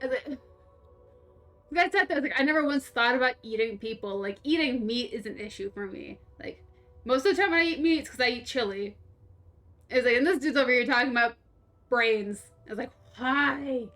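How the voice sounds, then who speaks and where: A woman's voice: on the high side, expressive, a little fast, a bit bright, faint music behind. A young woman streaming a game, rambling through a story in casual chat, laughing and swearing freely. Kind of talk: casual storytelling while playing.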